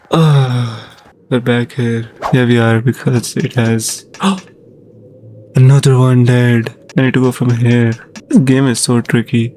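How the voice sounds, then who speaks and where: This gamer narrates a let's-play casually, joking, getting excited, and panicking at on-screen events. He has a mid-range voice and a slow pace, with slight background noise.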